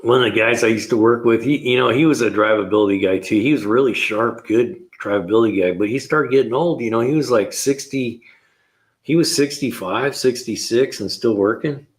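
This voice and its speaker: Chuckling as he voices his own lines, a retired mechanic in his later years rambles through shop stories on his car repair show in a relaxed way. He speaks a little fast in a mid-range voice.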